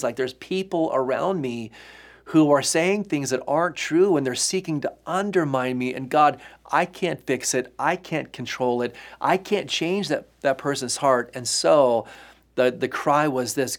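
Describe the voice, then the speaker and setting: A man's voice: mid-range voice, normal speed. A male pastor giving an earnest, emphatic sermon teaching, with frequent fillers and restarts.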